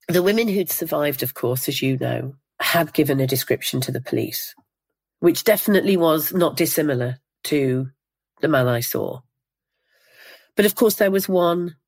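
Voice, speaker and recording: An older woman from Northeast England slowly recounts a personal memory during an interview. Her low, slightly mellow voice is reflective and measured, with pauses and restarts.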